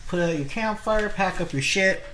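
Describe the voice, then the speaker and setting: A man's voice: high voice, moderate pace, bright, forceful tone, a little hiss or hum. A man narrating as game master in a casual, rambling way, with lots of fillers. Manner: loose, filler-heavy narration. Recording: echoey room with background music.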